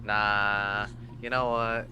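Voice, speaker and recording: A man's voice: fairly low pitch, level tone, very slow, pushed and bright, muffled recording, slight background noise. A man playing in a tabletop game, joking around and swearing freely in casual chat. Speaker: player.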